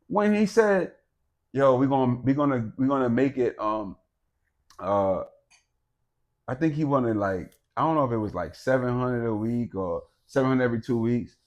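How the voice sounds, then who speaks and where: A man recounts a hard stretch of his life in relaxed conversation. His voice sits at an ordinary pitch but swings widely, from loud, laughing outbursts down to low, hushed reflection. He swears freely and talks in a loose, casual way. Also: moderate pace. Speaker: podcast co-host. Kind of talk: casual storytelling chat.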